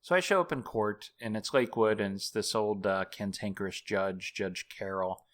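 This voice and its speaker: Male guest, low voice, loose self-deprecating storyteller, lots of ums and restarts. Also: moderate pace, fairly bright tone. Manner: rambling, self-mocking, many fillers and restarts. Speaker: guest, author and journalist. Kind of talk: casual storytelling interview.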